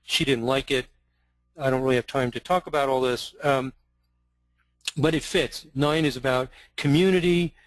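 A man's voice: medium pitch, fairly even intonation, normal speed, no room sound, rough recording. An older man from Long Island, New York, giving an earnest, digressive webinar lecture with frequent fillers, recorded close to a computer mic. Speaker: astrology lecturer.

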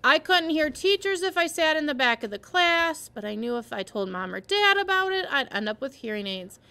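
A woman's voice: sits high, sing-song, normal speed, gravelly, pushed and bright. A woman teacher reading a novel aloud to her class and stopping to explain parts to the listeners.

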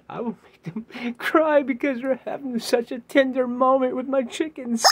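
A man recording his own audition pitch, theatrical and playful, rhyming and joking, swinging from shouts down to whispers. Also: husky. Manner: rhyming, playful, self-mocking. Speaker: actor auditioning. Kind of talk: self-tape audition pitch.

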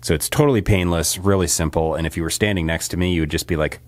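A man with a very deep voice talks casually into a studio microphone, rambling and laughing often. His throat is still a little rough from a recent illness. The sound is dry and close, with no room echo. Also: steady tone, fast talker, a little mellow. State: recovering from a sore throat. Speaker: singer-songwriter. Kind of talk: casual vlog chat. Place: home recording studio.

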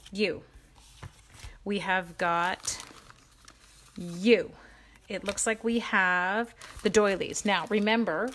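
A woman's voice: medium pitch, a bit bright, a little hiss or hum. A woman hosting a live crafting stream, chatting with viewers by name and joking at her own mistakes as she works. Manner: chatty and self-mocking, greets viewers by name. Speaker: crafting livestream host.

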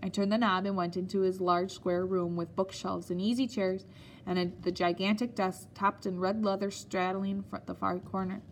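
A woman narrating an audiobook in a steady, measured storytelling manner. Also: mid-range voice, a little hiss or hum.

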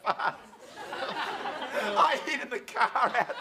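An animated comedian guesting on a TV talk show tells a comic anecdote in an extremely high-pitched voice at a slow pace, acting out quotes and laughing often. The noisy 1980s television studio broadcast captures him over a loud crowd.

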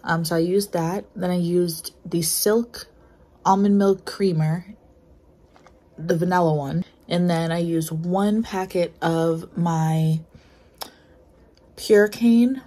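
A woman's voice: fairly low pitch, steady tone, slow pace, pauses often, mellow, poor audio. A young woman in her twenties chatting casually in a home vlog, bubbly and rambling with lots of fillers. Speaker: vlogger. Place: at home, indoors.

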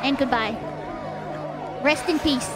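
Very high-voiced woman streamer, dramatic. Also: slow, a crowd in the background. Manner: dramatic, swings between mock-solemn eulogies and shrieking panic. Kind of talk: live game stream commentary. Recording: game music playing behind.

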